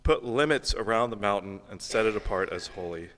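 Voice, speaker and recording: A man's voice: lowish voice, expressive, fairly quick, a bit bright, slight background noise. A young man preaching a sermon in a casual, conversational way, mixing scripture reading with everyday stories. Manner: casual and conversational, with fillers and laughs. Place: church hall. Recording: hall reverb.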